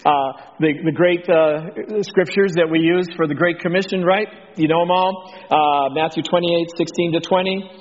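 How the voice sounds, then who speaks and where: A man with a Texan drawl preaching an informal sermon on missions, rambling with ums and restarts, getting animated. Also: a little high, moderate pace, hardly any pauses. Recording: dull lo-fi sound with long hall reverb.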